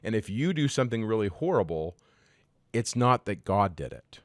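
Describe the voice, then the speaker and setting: This man talks in a fairly low register with energetic, self-deprecating enthusiasm, as though walking friends through a lesson. The sound is dry and close, with no room around it. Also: normal speed, dry recording. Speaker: teacher. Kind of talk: casual podcast discussion.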